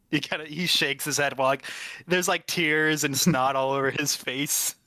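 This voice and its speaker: Tabletop game player, chatty, halting, laughing, dry close sound. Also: medium pitch, pushed and bright, no room sound. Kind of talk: describing a character's actions.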